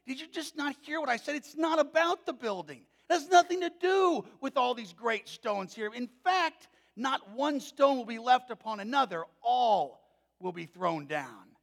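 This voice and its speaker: A man's voice: very high voice, expressive, moderate pace, creaky, voice pushed up, exaggerated voice. A man playing an exasperated Jesus scolding his disciples, with an impatient, incredulous manner.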